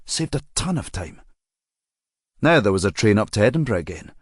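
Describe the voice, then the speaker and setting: A man narrating an audiobook crime novel in a measured, even storytelling manner. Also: on the low side, no room sound, studio quality. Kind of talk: scripted narration.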